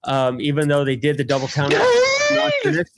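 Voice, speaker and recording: A man's voice: on the high side, huge pitch swings, brisk, gravelly. A man co-hosting a podcast, earnestly laying out his points in casual chat. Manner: earnest, making points at length. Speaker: podcast co-host.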